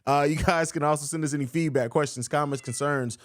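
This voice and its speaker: A man's voice: a little high, fairly even intonation, fairly quick. A man from hosting a casual sports podcast, laid-back and laughing often, calling his co-host "bro".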